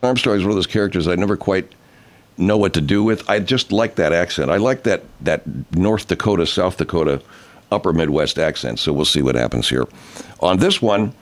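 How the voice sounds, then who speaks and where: A man's voice: low-pitched, expressive, moderate pace, no echo. A male show host in a studio, rambling through a casual, profane pre-show monologue full of fillers.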